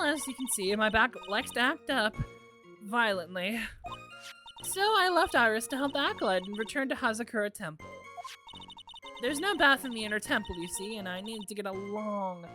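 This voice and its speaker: A sweet, fussy old nun in a courtroom game, voiced by a woman. She speaks in a bright, lifted, sing-song voice with lively swoops in pitch. The voice is raised above the performer's usual talk. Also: fairly quick, faint music behind. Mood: chatty. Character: cheerful elderly nun, head of a temple.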